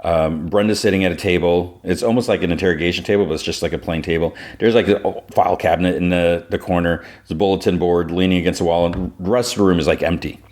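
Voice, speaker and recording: Deep-voiced man casually recapping an episode. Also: fairly even intonation, quick pace, few pauses, darkish tone. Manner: loose storytelling with many "like" fillers. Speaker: podcast host.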